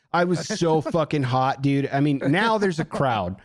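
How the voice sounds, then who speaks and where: A man on a podcast telling a story in casual chat, animated, swearing a lot and acting out what people said. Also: fairly high pitch, a little slow, few pauses, no echo, studio quality. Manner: animated, heavy swearing, acts out quotes. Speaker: podcast co-host.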